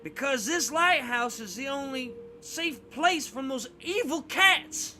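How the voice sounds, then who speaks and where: Paranoid bearded old hermit, shouting and raised high, read by a man. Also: lively intonation, slow, a little hiss or hum, full character voice. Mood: fearful. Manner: shouted, snarling, sputtering.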